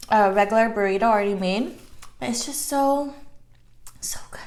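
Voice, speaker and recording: A woman in her twenties chatting casually while eating, telling a story with many "like" fillers and sometimes dropping to a soft whisper. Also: on the high side. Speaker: mukbang vlogger.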